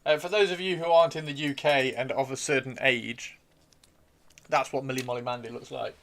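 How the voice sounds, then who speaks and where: Speaking a little fast with a fairly bright tone and fairly even intonation, this medium-pitched man chats casually on a live stream, joking and poking fun at himself as he reads out viewer messages. His throat is slightly worn, there's slight background noise, and faint video game music plays behind him.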